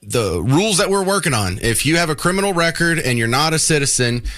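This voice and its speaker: A man hosting a talk radio show, blunt and opinionated in quick back-and-forth. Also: a little high, very animated, fairly bright tone, no echo, studio quality.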